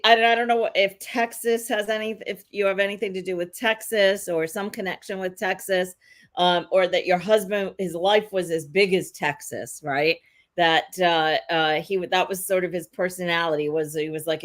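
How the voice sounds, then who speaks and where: A woman with a medium-pitched, fairly bright voice co-hosts a live psychic reading. She rambles hesitantly, using many fillers.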